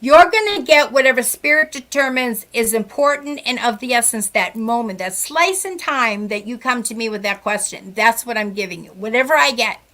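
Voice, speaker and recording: A middle-aged woman, a psychic medium, chatting in a guest interview. She is animated and chatty, and she acts out the dialogue she quotes. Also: a little high, moderate pace, few pauses. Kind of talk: casual podcast chat.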